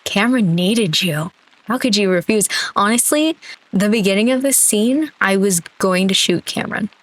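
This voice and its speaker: A woman's voice: mid-range voice, normal speed, low-quality recording. A woman streamer reading a story game aloud, with playful, chatty asides between the narration.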